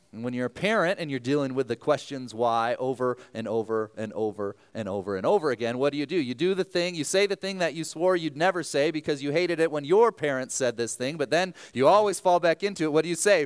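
A man in his thirties, a pastor, who prays earnestly and then preaches a sermon, telling stories in an animated way with some fillers. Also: fairly high pitch, smooth.

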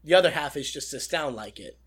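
Young male guest, high bright voice, animated and eager. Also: brisk, breathy edge. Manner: animated, enthusiastic storytelling. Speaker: guest voice impressionist. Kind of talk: casual interview answers.

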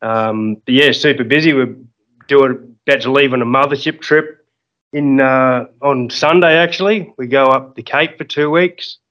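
An Australian man, a fishing guide and podcast guest, talking in a relaxed, hesitant way full of fillers. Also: mid-range voice, moderate pace, highs cut off. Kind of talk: casual podcast interview.

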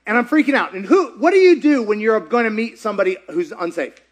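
A man preaching a sermon as a pastor, animated and conversational, often asking the audience questions. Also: sits high, fast.

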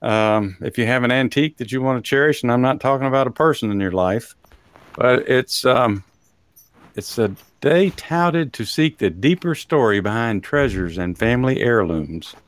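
A man's voice: medium pitch, lively intonation, moderate pace, clear, resonant tone, dry recording. Texan man hosting a chatty show. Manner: rambling, chuckles often, hesitant with fillers. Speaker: host. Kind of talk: casual podcast chat.

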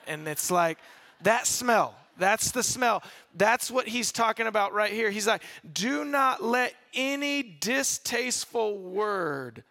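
A man preaching a sermon to a congregation in a relaxed, conversational way, restarting phrases and drawing the crowd in. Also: high-pitched, vocal fry. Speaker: pastor.

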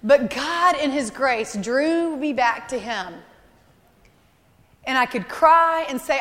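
Woman in her thirties; earnest, emotional sermon with repeated phrases, high voice, reverberant church hall. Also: animated, slow pace, a bit bright. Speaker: speaker at a church service. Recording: live hall with long reverb.

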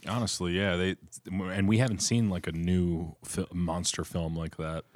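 A man's voice: low voice, level tone, moderate pace, a little mellow, no echo. A man joining a podcast chat, offhand, jumping in with brief remarks. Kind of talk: casual chat.

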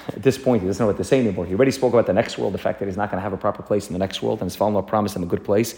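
A man teaching a Torah lesson, telling a story in an earnest, animated way and often repeating himself. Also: lowish voice, rapid-fire, vocal fry.

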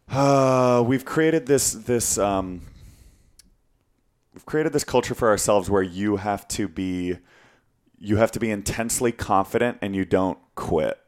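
A man's voice: on the low side, slow pace, long pauses, clear, resonant tone. A man co-hosting a casual podcast, talking thoughtfully and restarting sentences as he works out his point. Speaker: podcast co-host.

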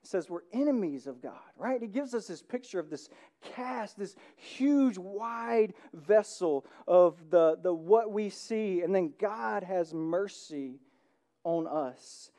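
Casting note: preacher with a warm, mellow tone, chatty sermon delivery, keeps asking the room "right?". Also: mid-range voice, takes it slowly. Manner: conversational, often checks in with the congregation; grows animated and excited. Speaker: pastor.

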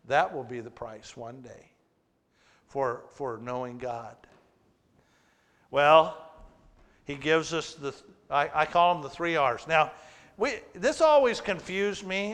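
A man with a high voice preaches at an unhurried pace. He teaches plainly, puts questions to the congregation and jokes with them. His voice carries a long reverb from a large church hall. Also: fairly bright tone. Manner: teaching with humor and audience questions. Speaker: pastor. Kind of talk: sermon.

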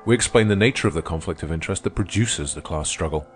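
Guy reading a calm confident debater, matter-of-fact and grave, real low voice. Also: fast, soft background music, natural voice. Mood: assured. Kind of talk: audiobook character voice.

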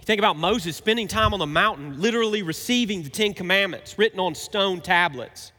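A man in his thirties preaching a sermon, swinging between emphatic and quiet, reflective passages. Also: high voice, a little fast. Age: 30s. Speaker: pastor. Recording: reverberant hall.

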